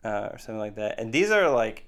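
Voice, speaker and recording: Brief: man with a smooth, resonant mid-range voice, podcast co-host, relaxed joking chat. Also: on the low side, quick pace. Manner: joking, conversational. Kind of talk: casual chat.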